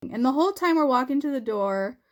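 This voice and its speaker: A young beauty vlogger talks quickly in a high voice while doing her makeup, recounting a funny story. She is animated, laughs often and acts out what people said.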